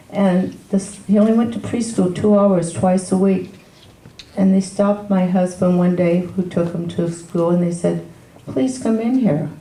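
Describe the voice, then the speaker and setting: An older woman giving a memorial eulogy as the mother of the deceased, telling stories slowly and tenderly. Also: lowish voice, level tone, mellow. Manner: slow, tender storytelling. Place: memorial service hall. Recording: roomy hall from far off.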